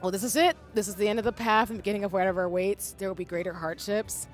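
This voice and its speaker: A woman reading out a weary, earnest game companion's lines in a quiet, subdued way. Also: medium pitch, steady tone, quick pace, soft background music, pitched below the performer's own voice, natural voice. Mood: solemn.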